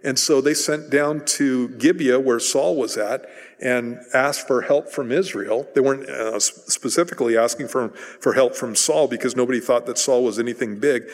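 A man's voice: medium pitch, normal speed. Conversational male preacher in a reverberant hall. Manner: conversational storytelling, acts out voices in retellings. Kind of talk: sermon.

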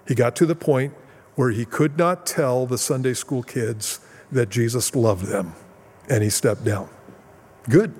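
A man's voice: mid-range voice, a little mellow, slightly rough, in a large hall. A man preaching a sermon as pastor, explaining Bible verses with plain, casual asides.

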